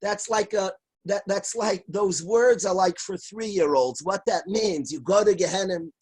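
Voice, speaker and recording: Rabbi on a video call, high husky voice, earnest and emphatic. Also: male voice, unhurried, rough recording. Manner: earnest, emphatic, repeats key phrases, sometimes shouts. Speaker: rabbi teaching a class. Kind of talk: Torah lecture.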